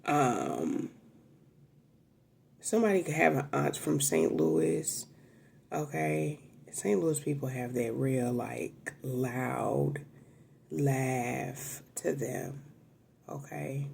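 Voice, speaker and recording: A woman's voice: very deep voice, drawn-out words, vocal fry, darkish tone, slight background noise. A woman giving a casual, emotional tarot reading straight to her viewers, chatting freely and swearing now and then. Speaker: tarot reader.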